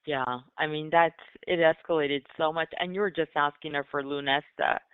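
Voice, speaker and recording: Supportive guy on the phone, smooth voice, thin phone sound. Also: a little high, normal speed, no echo. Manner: reassuring, steady backchannel, restates the problem. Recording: tinny dry phone line.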